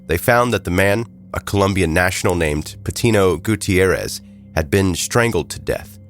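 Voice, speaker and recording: A man hosting a true crime podcast, narrating a scripted story with wry, joking asides while he has a head cold. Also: low-pitched. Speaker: podcast host.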